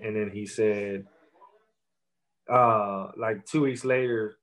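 A man's voice: fairly low pitch, level tone, slow pace, fairly bright tone, poor audio. A young man, a rapper, telling his story in a casual interview in loose street slang full of fillers.

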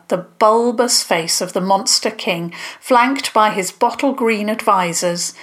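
A woman narrating a children's story in a gentle, unhurried reading. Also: on the low side.

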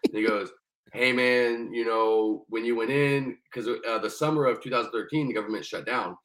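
A man's voice: mid-range voice, normal speed, poor audio. A young man, a former Marine guest on a podcast, telling his story casually and profanely, acting out the people he quotes. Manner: profane, animated, acts out quoted dialogue.

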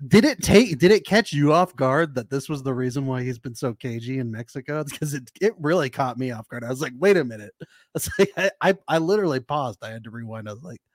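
A male co-host talking in a loose, casual way, cracking jokes and laughing often between lines. His voice sits at an ordinary middle pitch. It sounds dry and close, with no room echo. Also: animated, brisk. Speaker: podcast co-host. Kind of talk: casual recap chat.

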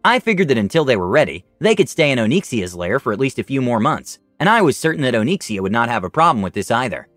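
A man's voice: mid-range voice, fast, few pauses, no echo, soft background music. A man narrating a first-person fantasy story in a dramatic storytelling manner. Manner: dramatic storytelling, lively rise and fall.

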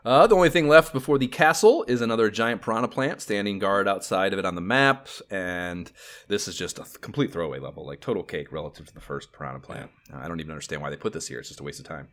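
A man co-hosting a casual podcast chat, animated and profane, rambling as he talks. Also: deep voice, fast talker. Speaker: podcast co-host.

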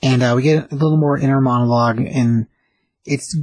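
A man's voice: medium pitch, steady tone, brisk, a little mellow, dry recording, rough recording. A man casually retelling a comic book story as a recap host, loose and chatty. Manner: loose and chatty, with many fillers and restarts.

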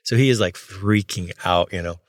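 A man who works as a notary, casually telling a personal story in an animated way and acting out both sides of the conversations. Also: deep voice, moderate pace, no room sound, clean studio sound. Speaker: notary signing agent.

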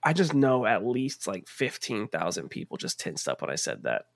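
A man's voice: lowish voice, wildly swooping pitch, normal speed, vocal fry, dry recording, studio quality. A young man hosting a podcast, joking with friends and laughing often, with fillers and trailing sentences. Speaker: podcast host. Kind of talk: casual banter among friends.

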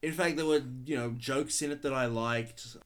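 A man co-hosting a podcast, talking through his view of a film in a halting, thinking-aloud way. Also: mid-range voice, clean tone. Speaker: podcast co-host. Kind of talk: casual chat, film review.

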